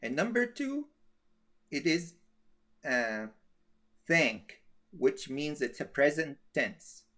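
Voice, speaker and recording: A man teaching a grammar class, speaking slowly and repeating himself, often checking with "okay?". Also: on the high side, very animated, a bit bright. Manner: slow, repetitive, checks with "okay?".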